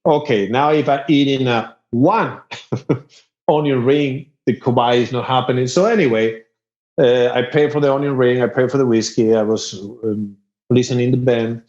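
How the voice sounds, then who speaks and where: A man from Spain with a Spanish accent, a musician guest telling stories in a casual, animated way. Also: mid-range voice, normal speed. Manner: animated, laughing storyteller. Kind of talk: casual storytelling interview. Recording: dull lo-fi sound.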